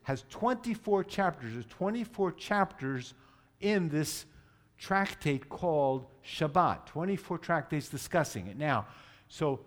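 A man's voice: a little high, expressive, unhurried. Guy teaching a congregation, explains stuff patiently, gets everyone to repeat words. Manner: explanatory, leads group repetition, self-correcting. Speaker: Messianic teacher. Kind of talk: teaching sermon.

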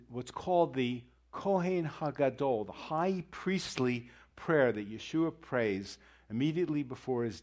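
A man's voice: on the high side, a little mellow. A middle-aged man teaching a conversational sermon, wandering into joking asides and rhetorical questions. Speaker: Bible teacher.

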